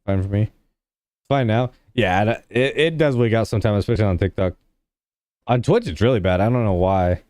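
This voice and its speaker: A young man on a livestream, chatting loosely with his viewers and padding his sentences with "like". His voice is smooth and resonant. The sound is close and dry, with no room around it. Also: on the low side, fairly quick, a little mellow, dry recording. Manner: rambling, heavy use of "like" fillers; laid-back, talks to chat. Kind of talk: casual livestream chat with viewers.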